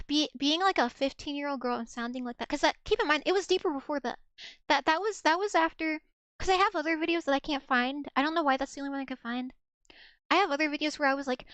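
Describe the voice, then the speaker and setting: Woman, VTuber streamer, high voice, rambling casual chat, lots of "like" and restarts, dry close sound. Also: fairly bright tone, no room sound. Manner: rambling, filler-heavy, many restarts.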